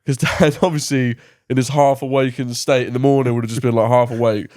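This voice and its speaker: A young man chats at a middle pitch, rambling through a story and laughing as he goes. His voice sounds dry and close, with no room around it. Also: fairly even intonation, brisk, a little mellow, dry recording. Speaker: podcast co-host, son. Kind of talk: casual chat.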